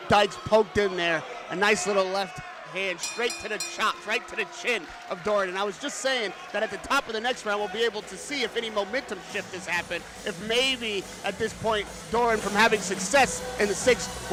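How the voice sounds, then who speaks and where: A man's voice: high-pitched, moderate pace. A man giving live ringside boxing analysis, articulate and analytical. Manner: articulate, analytical, laughs easily. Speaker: boxing pundit. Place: boxing arena. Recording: loud arena crowd behind. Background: arena crowd.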